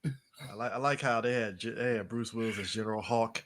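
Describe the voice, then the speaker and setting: A man co-hosting a live podcast, chatting casually, laughing often and slipping into quick impressions. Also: fairly low pitch, a bit bright. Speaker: podcast co-host. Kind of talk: casual chat, live show.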